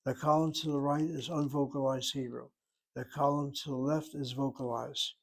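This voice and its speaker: Older male teacher, methodical lecturer, mid-pitched, breaks rules down step by step. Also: flat delivery, moderate pace. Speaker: Hebrew teacher. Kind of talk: grammar lecture.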